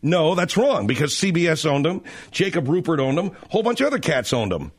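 A man hosting a talk radio show into a studio microphone, brash and teasing as he rambles along. His voice sits a little high and jumps around a lot in pitch. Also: sing-song, brisk, breathy edge.

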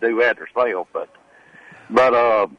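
A man's voice: fairly low pitch, a little slow, no room sound. Man, radio caller, hesitant, dry dull phone-in sound. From Alabama. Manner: hesitant, filler-heavy.

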